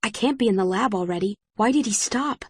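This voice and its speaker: A woman's voice: mid-range voice, darkish tone, slightly rough, no echo. Woman narrating an audiobook, dry and close. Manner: measured, present-tense storytelling. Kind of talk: first-person scripted narration.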